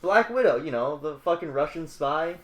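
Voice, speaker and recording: Man, podcast co-host, teasing, swearing, animated, echoey room. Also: on the high side, normal speed, a loud crowd. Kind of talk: casual banter.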